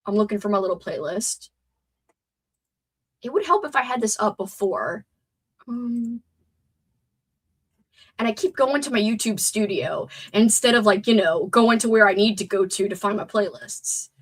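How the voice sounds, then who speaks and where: Congested and a bit breathy, this young streamer chats wordily with her audience and reads their comments out. Her medium-pitched voice is animated, moving at a normal speed with frequent pauses.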